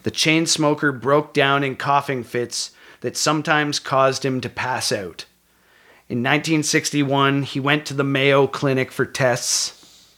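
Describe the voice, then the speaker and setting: A man's voice: mid-range voice, steady tone, unhurried, a bit bright. Casual man reading history notes. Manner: reads from notes with small slips, jokes with co-host. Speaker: podcast co-host.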